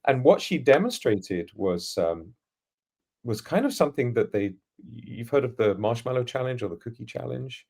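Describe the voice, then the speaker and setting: A man's voice: mid-range voice, lively intonation, normal speed, creaky, darkish tone. A middle-aged man from East London who speaks with a trained, posh-sounding standard English accent, telling stories about his childhood in an articulate, reflective way as a podcast guest. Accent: standard English, trained by acting lessons. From England, East London. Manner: articulate, reflective, anecdotal, laughs now and then. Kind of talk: casual storytelling in an interview.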